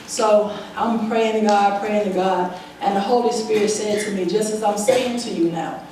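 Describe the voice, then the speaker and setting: Woman, church testimony; lively storyteller who acts out every voice; mic set back, very roomy hall sound. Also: mid-range voice, normal speed. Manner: vivid storyteller, acts out the dialogue. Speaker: church member giving testimony. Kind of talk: personal testimony at a church service. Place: church sanctuary. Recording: very echoey hall, voice from far off, faint noise.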